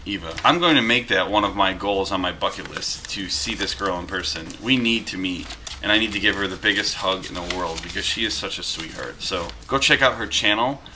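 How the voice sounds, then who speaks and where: A man's voice: low-pitched, a little fast. Man, 30s, from Western New York, casual vlog, chatty asides, faint background noise. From Western New York, USA. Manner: chatty, reads letters aloud with asides. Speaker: vlogger reading viewer mail. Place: home with dogs around. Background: dogs wrestling.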